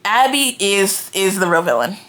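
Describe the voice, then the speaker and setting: A young woman giving a casual, animated book reaction, ranting in exasperation and filling her talk with "like" and "right?". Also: medium pitch, moderate pace. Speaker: book reviewer. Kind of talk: casual reading-reaction rant.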